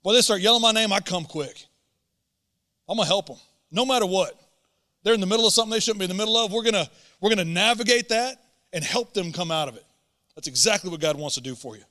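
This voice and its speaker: Under the long reverb of a church hall, a man delivers a sermon in a high, sharp-toned voice, moving quickly but pausing often. As a pastor in the auditorium, he's earnest and emphatic, driving points home by repeating words.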